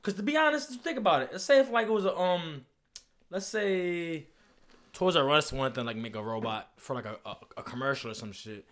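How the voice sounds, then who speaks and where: A man's voice: fairly high pitch, lively intonation, fairly quick, a bit bright. A young man co-hosting a podcast, talking in loose, profane banter full of fillers. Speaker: podcast co-host. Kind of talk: casual chat.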